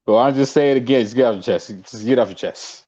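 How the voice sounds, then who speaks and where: A man's voice: medium pitch, quick pace, mellow, dull audio. A young man co-hosting a casual sports podcast, teasing his friend in a playful manner. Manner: teasing, playful, laughs often. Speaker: podcast co-host.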